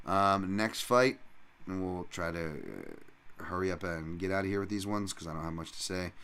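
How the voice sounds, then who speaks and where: A man's voice: sits low, fairly bright tone, smooth. A man hosting a solo fight-betting podcast, talking casually in a profane, rambling and jokey way. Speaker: podcast host and fight analyst.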